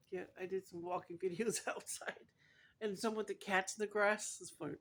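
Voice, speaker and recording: A middle-aged woman chatting casually in an eating vlog, giggling often and sounding relaxed and drowsy. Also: medium pitch, measured pace, long pauses. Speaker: food vlogger.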